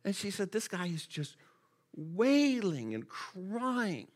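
A man delivers a sermon full of stories to a church gathering. His voice sits a bit high and swings widely in pitch as he talks. He often stumbles into repeated words as he builds up a story. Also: takes it slowly. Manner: repeats words when excited. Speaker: church speaker for the Gideons.

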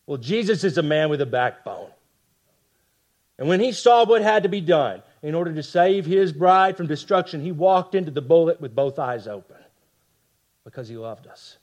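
A man preaching a sermon with passion, dropping to hushed lines for emphasis and tossing rhetorical asides to the congregation. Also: a little high, expressive, normal speed, long pauses. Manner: impassioned, swings from loud emphasis to hushed lines. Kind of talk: expository sermon.

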